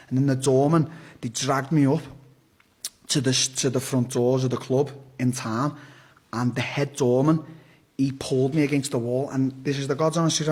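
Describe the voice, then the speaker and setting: A young man, his voice husky and a little breathy, sitting at an ordinary middle pitch. He talks bluntly and loosely, swearing as he goes and tripping over restarts. It sounds like someone recounting a story on a podcast. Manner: rambling, blunt, swears freely, frequent restarts. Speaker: podcast guest. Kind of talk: casual storytelling.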